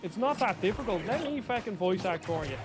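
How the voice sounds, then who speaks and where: A man's voice: high voice, animated, brisk. An Irish man giving casual, chatty commentary while playing a game, with sarcastic muttered asides. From Ireland. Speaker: gaming streamer. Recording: voice over loud game music.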